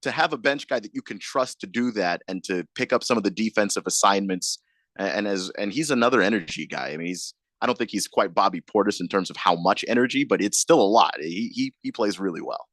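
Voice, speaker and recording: A man with a low voice talks basketball on a sports radio show, working through his picks out loud with plenty of restarts. The studio sound is close and dry. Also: animated, a little fast, no room sound. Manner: thoughtful basketball analysis with frequent restarts. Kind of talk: casual sports talk.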